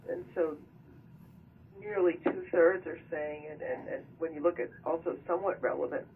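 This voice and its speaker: A man's voice: fairly high pitch, fairly even intonation, normal speed. A male reporter asking probing questions by phone, thinking aloud before he asks. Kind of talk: press conference questions by phone. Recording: tinny phone line with faint noise.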